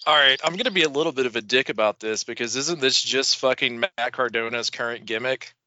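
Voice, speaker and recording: A man's voice: medium pitch, fairly quick, sharp tone, no echo, dull audio. A man co-hosting a podcast, teasing and arguing back, swearing casually. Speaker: podcast co-host. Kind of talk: casual wrestling talk.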